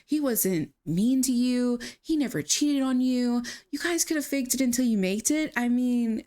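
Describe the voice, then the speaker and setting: A nagging, disapproving mother , as a woman narrator puts her on, lecturing her grown daughter in a life-sim game. She sounds pushy and a touch higher than everyday talk, yet still close to a plain voice. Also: measured pace, dark tone, lightly acted. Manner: nagging, scolding.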